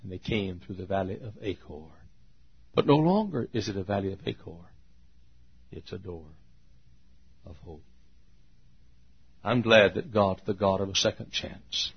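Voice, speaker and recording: A man preaching a sermon who swings between shouted peaks and hushed, drawn-out lows, often clearing his throat. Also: animated, lo-fi sound. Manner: frequent throat clearing and coughs.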